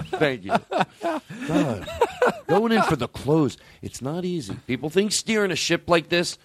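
A man's voice: fairly high pitch, very animated, takes it slowly, pauses often, faint music behind. A man hosting a show in casual chat, rambling, cutting himself off and swearing freely. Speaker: podcast host.

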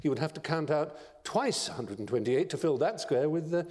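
A man giving a lecture, telling stories in an expressive, theatrical narrating style. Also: fairly high pitch, fairly quick. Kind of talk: dramatic storytelling lecture. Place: large lecture hall. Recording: long reverb of a large lecture hall.

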